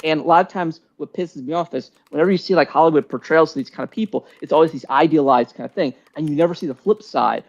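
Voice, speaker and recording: A man's voice: fairly high pitch, fast, hardly any pauses, muffled recording. A man chatting casually on a podcast, rambling and full of "like" fillers. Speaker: podcast co-host. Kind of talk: casual chat.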